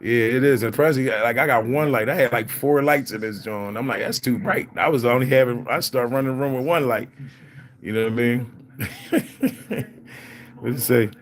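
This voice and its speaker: A man's voice: mid-range voice, fairly quick, pauses often, a little hiss or hum. An older man hosting a casual livestream chat, talking to viewers in a laid-back, rambling way with lots of fillers. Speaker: livestream host.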